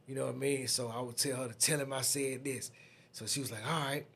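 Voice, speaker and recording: A man in his fifties with a Southern US accent, a podcast guest telling a story in a casual, lively way and acting out the other people in it. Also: medium pitch, brisk, vocal fry, slight background noise. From Atlanta, USA.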